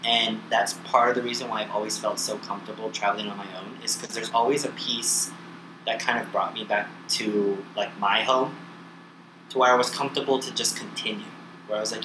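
A man's voice: lowish voice, a little fast, background noise. Rambling American man in echoey room. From United States. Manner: relaxed, rambling, self-interrupting storyteller. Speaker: podcast guest. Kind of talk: casual chat.

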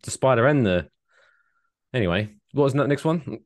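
A man's voice: medium pitch, expressive, normal speed, no echo. A man co-hosting a comedy podcast, swearing and joking in loose, profane banter. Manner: profane, joking, slips into silly put-on voices. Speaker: podcast co-host.

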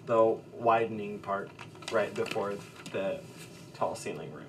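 A man narrating as game master of a tabletop role-playing game, relaxed and hesitant, with fillers and chuckles. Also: lowish voice, a little slow. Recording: distant mic with faint background noise.

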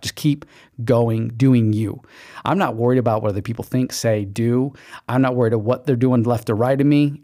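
A man's voice: mid-range voice, darkish tone. A man hosting a podcast, giving an emphatic motivational pep talk and acting out quoted inner voices. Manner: emphatic, pep-talk delivery with repeated okays. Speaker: podcast host. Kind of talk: motivational monologue.

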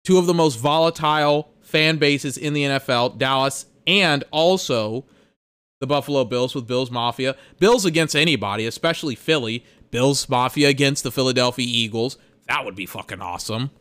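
Exasperated swearing podcast host. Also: male voice, mid-range voice, normal speed, a bit bright, smooth, no echo. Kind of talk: ranting sports commentary.

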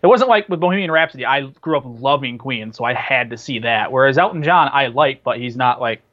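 A man's voice: mid-range voice, lively intonation, brisk. Chatty man on a dull, lo-fi recording. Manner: chatty, rambling, many fillers and restarts. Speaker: podcast co-host. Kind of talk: casual chat about movies and TV.

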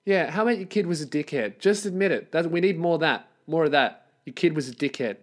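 A man's voice: a little high, fast talker. A man, hosting a solo podcast and ranting in a profane, exasperated, sarcastic way. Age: 20s. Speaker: podcast host.

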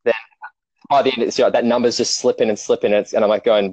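A man in casual chat, telling animated stories and swearing freely. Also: medium pitch, very fast, no room sound. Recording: dull lo-fi dry sound.

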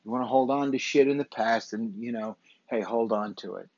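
Speaking fairly quickly in a medium-pitched, slightly mellow voice, this man hosts a motivational podcast. He's emphatic and blunt, cursing and circling back to the same points. The dry recording has a dull, lo-fi quality.

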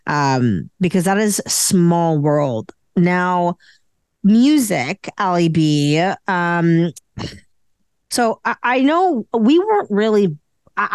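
A woman co-hosting a podcast chats casually in a somewhat mellow, low-pitched voice, rambling with plenty of fillers. The audio is dry and studio-clean.

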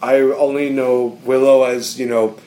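A man co-hosting a casual podcast, hesitant and halting as he searches for words. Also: mid-range voice, level tone, mellow, rough recording. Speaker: podcast co-host. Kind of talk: casual chat.

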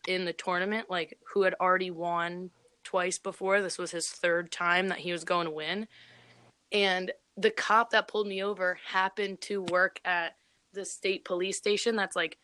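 A woman's voice: on the low side, bright, forceful tone, smooth, no echo. A young woman from Pennsylvania, a podcast co-host, chatting frankly and telling stories with casual swearing. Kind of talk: casual chat.

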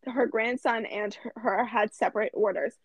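Teen girl co-host, husky higher voice, animated storyteller, swears a lot, dry close sound. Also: normal speed, no room sound, muffled recording. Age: teens. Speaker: podcast co-host. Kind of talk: casual chat.

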